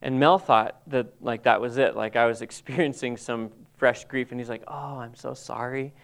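A middle-aged man telling a halting, emotional personal testimony to a group, full of restarts and pauses. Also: mid-range voice, fairly even intonation, clear, resonant tone. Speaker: Bible college staff member.

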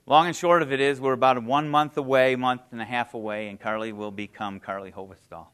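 Fifties male guest speaker, mid-pitched, heartfelt plainspoken testimony. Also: brisk, hardly any pauses, fairly bright tone. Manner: earnest, heartfelt storytelling, emotional; plain conversational phrasing with fillers. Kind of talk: personal testimony speech.

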